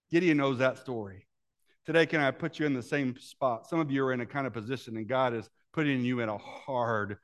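A preacher with a medium-pitched voice delivers a relaxed, conversational sermon at a moderate pace. He asks the congregation short questions to check in and slips into the voices of the Bible characters in his story.

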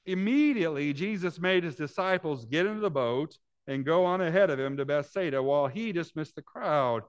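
A man preaching a sermon as pastor, telling a story with lively delivery and then dropping low and earnest as he addresses the congregation. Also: brisk, smooth. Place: church sanctuary with congregation.

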